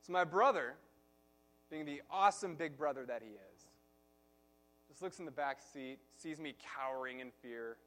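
Animated storytelling preacher, man. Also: a little high, normal speed. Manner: animated storytelling, swings from soft to loud. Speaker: pastor. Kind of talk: sermon.

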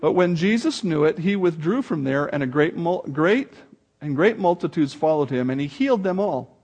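A man's voice: on the high side, moderate pace, dull audio. A man preaching a sermon, emphatic and dramatic, reading scripture aloud. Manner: animated, emphatic preaching with dramatic swings in loudness. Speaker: pastor.

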